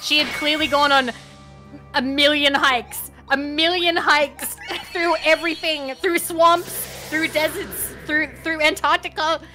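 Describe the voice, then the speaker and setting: A young woman with a high, bright voice tells stories in a loose, chatty way. She laughs easily and acts out the people in her stories. Faint music plays under her. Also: steady tone, unhurried. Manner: chatty storyteller, laughs often, acts out customers. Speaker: streamer. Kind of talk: casual chat.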